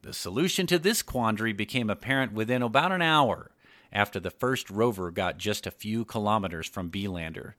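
Low-voiced male audiobook narrator. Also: lively intonation, fairly quick, a bit bright, no echo, studio quality. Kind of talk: scripted narration.

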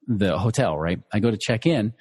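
A middle-aged financial educator tells listeners a personal story in a slightly low, breathy, husky voice with a darkish tone. His delivery is loose, animated and conversational at a normal speed, full of fillers and restarts. His words trail off into a long reverb tail.

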